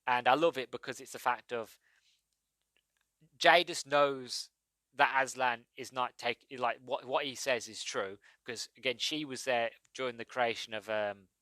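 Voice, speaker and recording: Man, podcast host, enthusiastic, rambling, bright tone, dry close sound. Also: medium pitch, normal speed, dry recording. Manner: enthusiastic, rambling, many fillers. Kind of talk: solo movie review podcast.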